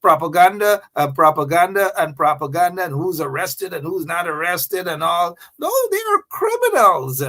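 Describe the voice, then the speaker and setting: A Guyanese man runs a live radio talk show, his voice sitting a little higher than most men's. He hammers his points by saying them again and again, and he calls out to his listeners directly. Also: sing-song, normal speed, hardly any pauses, sharp tone. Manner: emphatic, repeats phrases, addresses listeners directly.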